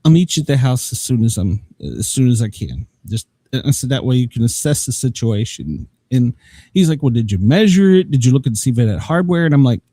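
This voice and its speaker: A man's voice: medium pitch, very animated, fairly quick, warm tone, slightly rough, no echo. A man hosting a live show, telling a long rambling story with plenty of laughs and swearing, acting out both sides of each conversation. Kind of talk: casual storytelling.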